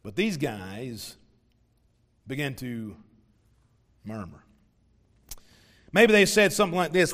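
A man's voice: medium pitch, very animated, takes it slowly, pauses often, fairly bright tone. A man preaching an evening sermon in a church, chatty and joking with his congregation, acting out voices as he tells the story. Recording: long hall reverb.

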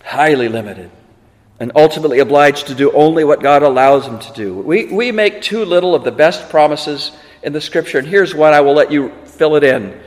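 High-voiced animated male preacher. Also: a little fast. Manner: animated, emphatic, conversational asides. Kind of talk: sermon. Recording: long hall reverb.

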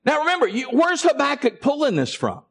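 A man's voice: very high voice, wildly swooping pitch, a little fast, a bit bright, slight background noise. A man preaching a sermon and calling for responses from his congregation. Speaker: pastor.

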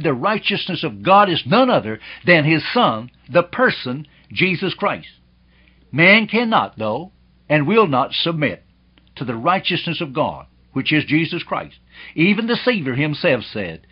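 Husky emphatic man preaching a sermon. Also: fairly high pitch. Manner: emphatic, rhetorical, addresses listeners as beloved. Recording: dull lo-fi old recording.

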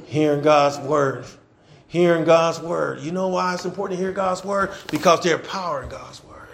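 A man, a pastor preaching a sermon in a church, repeating phrases and building to shouts. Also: fairly high pitch, normal speed, vocal fry. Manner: repetitive call-and-response preaching, swelling to shouts.

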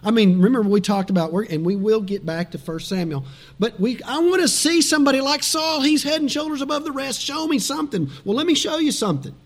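A man preaching a sermon as pastor, animated and dramatic, dropping suddenly soft for emphasis. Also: very high voice, quick pace.

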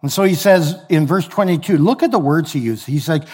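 A man's voice: a little high, fairly quick, hardly any pauses, a little mellow, slightly rough. Conversational man preaching a sermon. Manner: conversational, explains with everyday examples and reads scripture aloud. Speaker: pastor.

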